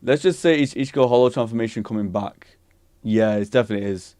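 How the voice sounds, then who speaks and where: A man streaming live, reacting to anime news in excited casual chat and answering his chat. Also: medium pitch, fast talker, no echo.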